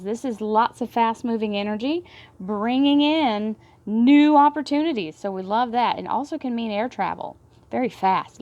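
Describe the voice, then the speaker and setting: Southern texas lady doing a tarot reading, gushy and excitable, mid pitch, laughs a lot then goes quiet and prayerful. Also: no room sound, muffled recording. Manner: effusive, prone to excited laughter and hushed prayers. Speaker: tarot reader.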